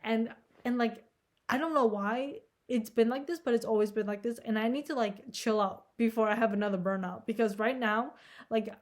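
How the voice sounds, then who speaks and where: Young adult woman, slightly high voice, casual anxious vlog ramble, heavy filler and profanity. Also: normal speed. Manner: anxious, self-deprecating. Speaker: vlogger.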